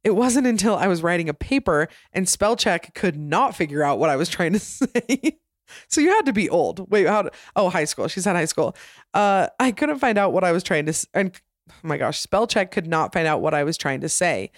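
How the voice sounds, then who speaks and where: A woman's voice: on the low side, lively intonation, normal speed, no room sound, clean studio sound. A woman in her thirties with a Utah accent, hosting a solo podcast in a chatty, giggly, self-deprecating way. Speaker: podcast host. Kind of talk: casual solo podcast chat.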